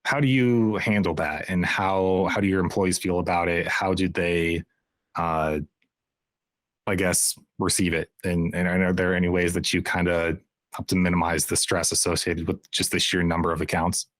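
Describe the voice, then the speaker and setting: Male podcast co-host, deep, dry sound, halting and thoughtful questioning. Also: steady tone, a bit bright, no echo. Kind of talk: casual conversational interview.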